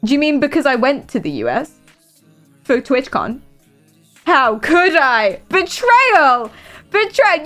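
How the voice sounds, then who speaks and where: A British woman streaming, chatting casually in a rambling, giggly and playful way. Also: a little high. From Britain. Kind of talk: casual live-stream chat.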